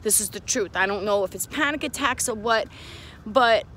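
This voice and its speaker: A woman's voice: mid-range voice, normal speed, a bit bright, slight background noise, low-quality recording. A woman with a New York accent, vlogging candidly and earnestly to her viewers while out walking with her child, speaking into a handheld phone. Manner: earnest, confiding, talks to viewers directly. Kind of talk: candid personal vlog. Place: outdoors on a walk with her child.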